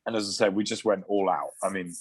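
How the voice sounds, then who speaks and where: Animated man telling stories. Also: low voice, fast, breathy edge, no echo. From England. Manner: animated, swearing anecdotes with asides and restarts. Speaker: guest, former rugby player. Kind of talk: casual storytelling on a podcast.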